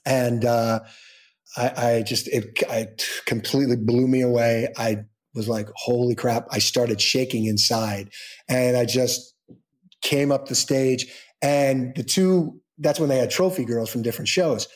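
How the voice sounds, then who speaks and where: In an interview, a male guest with a steady, unhurried, medium-pitched voice recounts a long personal story informally. He meanders, starting over frequently and dramatizing quoted conversations.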